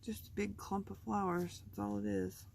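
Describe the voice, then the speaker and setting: A woman's voice: mid-range voice, flat delivery, normal speed, vocal fry, a little mellow, a little hiss or hum. A woman hosting a craft video, chatting casually and thinking aloud as she works at her table. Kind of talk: casual chat while crafting.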